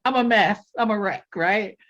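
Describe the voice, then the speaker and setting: A woman guest on a podcast telling a personal story in a casual interview, animated and quick to laugh. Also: medium pitch, highs cut off. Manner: animated, laughs often, acts out quotes. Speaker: podcast guest, life coach.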